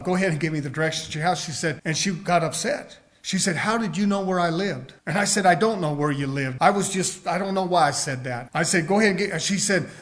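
A man's voice: high-pitched, a bit bright. A middle-aged man preaching a sermon, telling a personal story and rising to emphatic outbursts.

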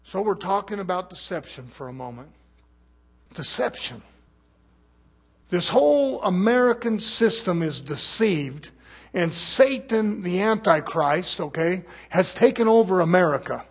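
High, husky-voiced fiery preacher man. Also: animated, unhurried. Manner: fiery, scolding, shifts from loud preaching to low mutters. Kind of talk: sermon.

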